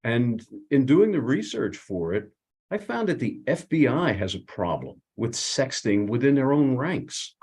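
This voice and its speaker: A man's voice: mid-range voice, big pitch swings, a little slow, a little mellow, slightly rough. A man, an attorney co-hosting a casual legal discussion, talking conversationally with many fillers. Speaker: attorney and co-host.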